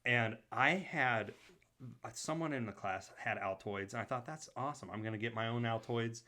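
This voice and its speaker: A young man with a bright, medium-pitched voice tells a story at a moderate pace, casually among friends. He's a podcast co-host and an animated storyteller who acts out the quotes.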